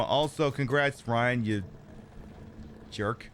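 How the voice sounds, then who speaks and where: A man streaming a game with animated, sarcastic running commentary. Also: on the high side, moderate pace, slight background noise. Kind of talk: let's play commentary.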